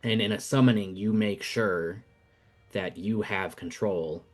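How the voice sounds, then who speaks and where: A man running a tabletop game as game master, explaining rules and narrating in a measured way. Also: lowish voice, faint music behind. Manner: measured, thinking aloud.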